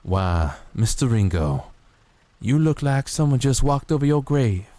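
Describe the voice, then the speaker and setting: A man's voice: mid-range voice, big pitch swings, unhurried, mellow, no echo. A man doing a drawling Old West gunslinger. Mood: teasing. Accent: generic cowboy drawl.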